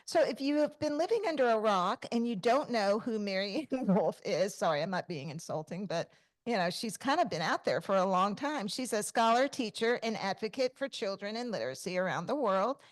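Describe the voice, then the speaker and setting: A woman, co-hosting a podcast in casual chat and telling stories with lively acted-out exclamations. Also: medium pitch, brisk. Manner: animated storyteller, acts out quoted exclamations. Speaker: podcast co-host.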